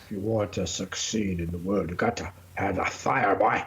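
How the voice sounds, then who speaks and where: A man's voice: low voice, steady tone, moderate pace, a bit bright, pitched below the performer's own voice. A man putting on a folksy old preacher-type.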